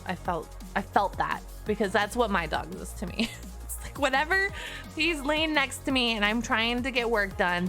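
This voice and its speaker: A woman's voice: medium pitch, fairly bright tone. A woman streamer chatting casually with her viewers, bubbly and talkative, with frequent laughs. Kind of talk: casual live stream chat.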